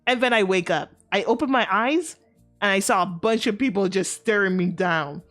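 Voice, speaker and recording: A woman's voice: medium pitch, moderate pace, fairly bright tone. A woman streamer telling a casual, rambling story to her chat, full of fillers, restarts and the odd swear word. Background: faint background music.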